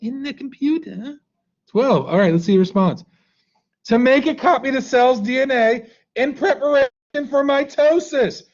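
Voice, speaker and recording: A man's voice: extremely high pitch, normal speed, dull audio. A male teacher leading a live online class in a playful, joking way, coaxing students to answer, over a computer mic on a video call.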